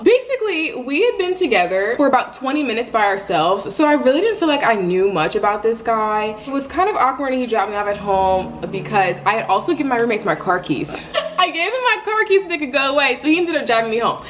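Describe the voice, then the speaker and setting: A young woman in her twenties telling a storytime while doing her makeup, chatty and animated. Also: on the high side, slight background noise. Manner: chatty, animated, rambling retelling. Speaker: beauty vlogger. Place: home, getting ready.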